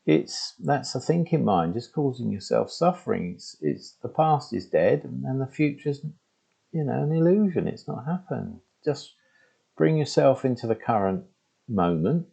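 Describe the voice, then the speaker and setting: A man giving a reflective spoken talk to his laptop at home, halting and conversational with frequent restarts. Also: medium pitch, sing-song, vocal fry, dark tone, breathy edge. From England. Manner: halting and conversational, with many restarts and "you know". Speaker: spiritual teacher. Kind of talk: reflective spoken monologue to camera. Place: room at home with the door open. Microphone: laptop microphone.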